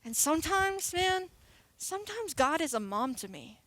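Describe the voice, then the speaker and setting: A woman's voice: very high voice, very animated, normal speed, a bit bright, no room sound. A woman in her late twenties giving a casual, playful sermon as a youth pastor. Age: 20s. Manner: casual, chatty and playful, laughing often.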